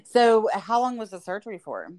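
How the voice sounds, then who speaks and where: A woman's voice: medium pitch, sing-song, moderate pace, crowd noise. A woman hosting a casual chat podcast, asking questions, offering support and saying "mm-hmm" often. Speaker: podcast host.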